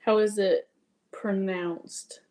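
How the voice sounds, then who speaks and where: This Wyoming cross-stitch livestreamer talks extremely slowly in a steady, darkish, medium-pitched voice. Chatting casually and responding to viewer comments, she has an accent that mixes Wyoming with Southern Louisiana.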